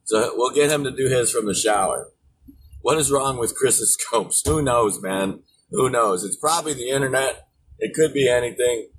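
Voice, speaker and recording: A man's voice: mid-range voice, a bit bright, distant mic, slight background noise. A man hosting his own daily podcast, chatting casually and ranting with plenty of swearing. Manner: profane, rambling rant. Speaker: podcast host. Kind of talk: casual solo podcast talk.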